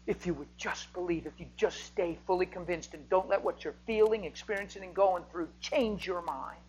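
Man preaching, from shouts to whispers. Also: on the high side, a little hiss or hum, low-quality recording. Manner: swings from loud, emphatic preaching to hushed whispers. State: emotional. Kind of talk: sermon.

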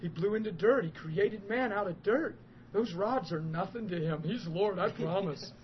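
A man preaching a sermon at a church service, telling a story with emphatic, animated delivery that swells into loud outbursts and breaks into chuckles. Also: high-pitched, moderate pace. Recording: muffled with faint background hiss.

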